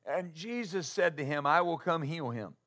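A man preaching a sermon as pastor, asking rhetorical questions and building to loud, stressed points. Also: a little high, expressive. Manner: halting with uh fillers when starting.

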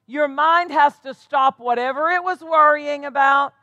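A woman pastor delivers a sermon in a high, bright voice. She preaches emphatically and keeps asking her listeners rhetorical questions. The sound is close and dry. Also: unhurried, dry recording, dull audio.

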